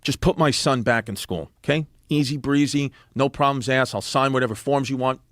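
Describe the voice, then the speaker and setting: A man doing a quietly menacing New street-tough dad. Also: brisk, dry recording, studio quality, close to an everyday voice. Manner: quiet, low, coldly calm. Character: calm, menacing middle-aged male street-tough father.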